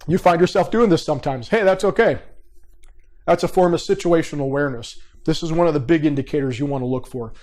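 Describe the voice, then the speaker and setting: A man's voice: on the high side, quick pace, a little mellow. A man teaching a behavior profiling class over a video call. He talks casually and directly and keeps checking in with the class. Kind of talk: live online coaching class.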